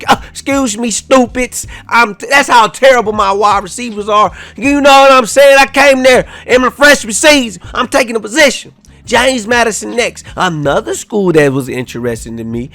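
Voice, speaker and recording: A young man giving casual, animated commentary over a football video game, trash-talking and half-singing his asides. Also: high-pitched. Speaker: gaming YouTuber. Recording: faint music behind.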